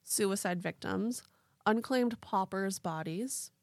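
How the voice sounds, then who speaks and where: Speaking slowly in a gravelly, medium-pitched voice, this young true-crime podcast co-host tells the story casually, full of "like" and "quote unquote." The studio recording is clean and echo-free.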